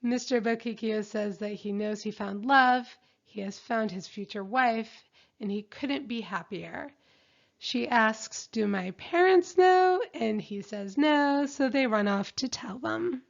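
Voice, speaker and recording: Chatty woman doing a show recap, kinda high voice, muffled lo-fi audio. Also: a little slow, vocal fry. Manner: chatty and opinionated, reads out quotes. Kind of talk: casual episode recap narration. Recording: dull lo-fi recording.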